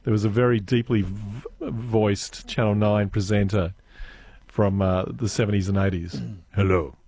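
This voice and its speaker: A man with an Australian accent hosting a radio show, chatting and reminiscing, quick to laugh. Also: on the low side, flat delivery, warm tone, slightly rough. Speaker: radio host. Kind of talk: casual radio chat. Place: radio studio. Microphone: close studio mic.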